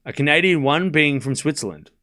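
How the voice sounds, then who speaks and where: Lively Australian host, fairly high voice, streams tennis play-by-play and banters with chat. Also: male voice. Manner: animated, chatty, quick play-by-play bursts. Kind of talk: live stream commentary chatting with viewers.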